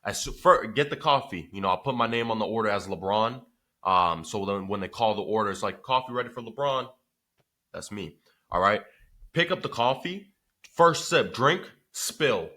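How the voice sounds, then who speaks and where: Bright, forceful man telling a story. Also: lowish voice, normal speed. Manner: animated, swears freely, lots of filler. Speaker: business owner telling a story. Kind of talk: casual storytelling vlog.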